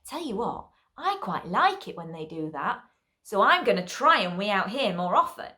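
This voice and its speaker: A woman's voice: medium pitch, big pitch swings, moderate pace, bright, forceful tone. A woman voicing a curious, musing puppy. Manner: musing, chatty inner voice. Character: curious, cheerful puppy thinking aloud.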